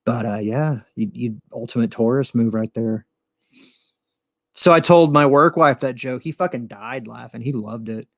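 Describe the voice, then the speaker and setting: An American man with an average-pitched voice, chatting loosely on his podcast stream. He rambles, swears freely, and laughs at his own asides. The sound is dry and close, with no room echo. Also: moderate pace, vocal fry. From United States. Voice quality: profane, rambling, laughs often. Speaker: podcast host. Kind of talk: casual livestream chat.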